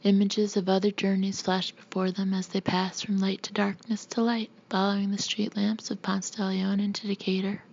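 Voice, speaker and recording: A woman's voice: medium pitch, level tone, moderate pace, gravelly, few pauses. Whispering woman narrating a novel. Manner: soft, hushed whisper. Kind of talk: whispered audiobook reading. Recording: dull muffled recording.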